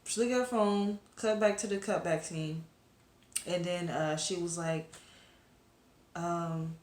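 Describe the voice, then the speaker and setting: A woman's voice: fairly low pitch, a little slow, roomy sound. A woman reviewing a webcomic episode to camera in a casual, rambling chat full of fillers and asides to her viewers.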